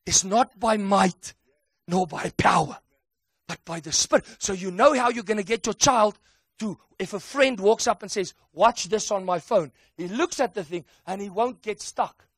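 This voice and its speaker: A man preaching a sermon with emphatic call-and-response delivery that builds to excited shouts. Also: high voice, moderate pace, husky, dry recording, clean studio sound.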